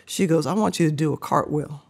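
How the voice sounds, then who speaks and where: A middle-aged woman, a podcast guest, telling an animated story, laughing often and acting out the voices of people she quotes. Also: low-pitched, a little fast, breathy edge.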